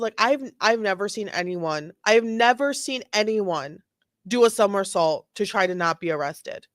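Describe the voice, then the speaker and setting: A woman's voice: mid-range voice, lively intonation, moderate pace, dry recording, studio quality. A woman giving sarcastic, joking running commentary on a video. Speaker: commentator reacting to body cam video. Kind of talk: casual reaction commentary.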